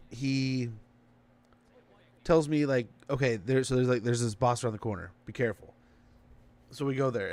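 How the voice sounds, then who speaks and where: A man's voice: medium pitch, darkish tone. A man streaming a strategy game, giving casual commentary and rambling through a story with lots of fillers.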